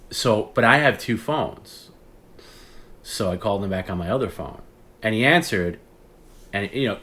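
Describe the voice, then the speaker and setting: A man's voice: fairly low pitch, a bit bright. A man hosting a livestream, telling a rambling story in casual chat, acting out phone calls and swearing often. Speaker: podcast host.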